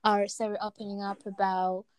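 A young woman in casual podcast chat, thoughtful, with frequent fillers and soft laughs mid-sentence. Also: mid-range voice, flat delivery, normal speed, a little hiss or hum, poor audio.

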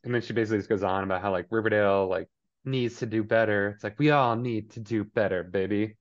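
A man's voice: fairly low pitch, fairly even intonation, fast. A man co-hosting a podcast, recapping a TV episode in casual chat, full of fillers. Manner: chatty, filler-heavy, throws in voices for characters. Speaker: podcast co-host. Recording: dull lo-fi audio.

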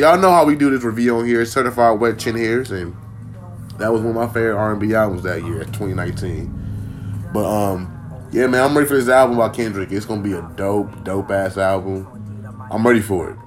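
Profane, rambling male podcast host from Minnesota. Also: fairly low pitch. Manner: loose, profane, rambling and joking. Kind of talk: casual solo podcast monologue. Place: at home.

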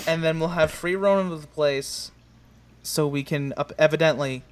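A woman's voice: deep voice, a little slow. A woman playing a tabletop game with friends, sounding exasperated as she takes charge of the group. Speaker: player. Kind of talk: casual tabletop game chat.

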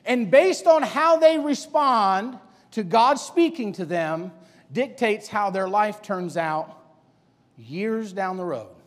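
A man preaching a sermon with animated delivery, swinging from loud emphasis to hushed asides. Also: sits high, big-room sound.

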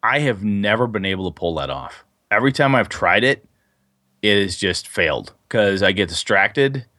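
Speaking at a moderate pace in a lowish register, this podcast co-host wanders through lengthy tabletop gaming anecdotes, leaning heavily on fillers with lively, rambling energy. The casual show is captured cleanly in a studio, free of any room sound.

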